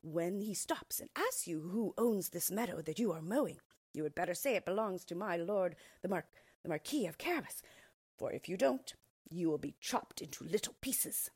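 A woman voicing a crafty, scheming talking cat in a storybook, coaxing and threatening in turn, with a husky, lively voice. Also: lowish voice, normal speed, dry recording.

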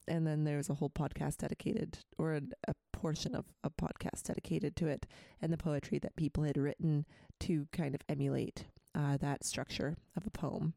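A woman's voice: low voice, flat delivery, moderate pace, vocal fry, mellow, no echo. A woman hosting a radio show, chatting casually in a rambling way full of asides and reading a poem aloud. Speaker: radio host. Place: radio studio.

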